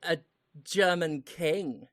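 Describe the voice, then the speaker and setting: Woman, slightly low voice, rambling anecdotal podcast banter. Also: extremely slow. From United Kingdom. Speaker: podcast co-host. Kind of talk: casual chat.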